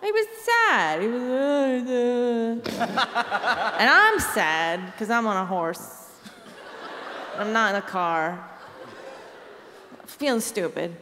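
Slow, giggly woman spinning a tall tale. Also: on the high side, very animated. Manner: rambling, giggly, many asides. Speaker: storytelling game player. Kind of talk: improvised comic storytelling. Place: conference stage before live audience. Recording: reverberant hall, audience noise.

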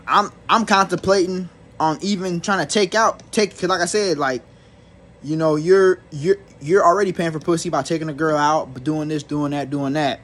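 Young male vlogger, husky and fairly high, animated swearing storyteller. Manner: profane, rambling, animated. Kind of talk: storytime rant.

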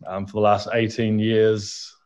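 A man's voice: on the low side, monotone, a little slow, darkish tone, muffled recording. A New Zealand man in his thirties, a podcast guest talking reflectively, hesitating with ums. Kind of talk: casual interview chat.

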